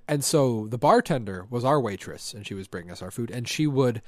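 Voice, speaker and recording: A man co-hosting a casual podcast, chatting in a dry, deadpan joking manner. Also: medium pitch, brisk, no echo. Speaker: podcast co-host. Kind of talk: casual chat. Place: lives in Michigan.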